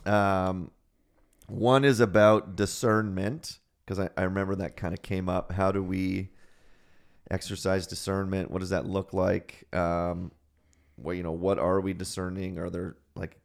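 Gravelly low-voiced podcast host. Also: male voice, a little slow. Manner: relaxed, laughs often, leads the topic. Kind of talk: casual chat.

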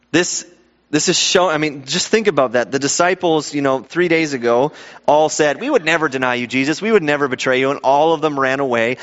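A man preaching a sermon in a lively, conversational way, acting out the people in the story. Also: mid-range voice. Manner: animated, conversational, acts out quoted voices. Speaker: pastor. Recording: dull sound with long hall reverb.

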